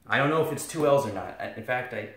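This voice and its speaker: In an echoey room, a male video tutor gives Latin students a casual, joking lesson, sarcastic and rambling with self-deprecating asides. His medium-pitched voice is expressive, fast and fairly bright.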